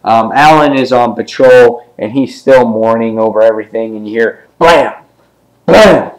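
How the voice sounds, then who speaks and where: A man talks through a comic book issue in a loose, chatty way, with plenty of ums. Now and then he jumps into a quick voice for a character as he retells a scene. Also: medium pitch, flat delivery, low-quality recording. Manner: loose and casual, with many ums. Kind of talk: casual comic book review.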